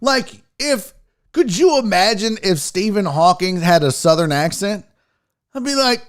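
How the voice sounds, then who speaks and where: A man's voice: sits high, expressive, unhurried. A man from the American South hosting a casual sports talk livestream, brash and profane, joking and chatting with his viewers. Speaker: sports talk show host.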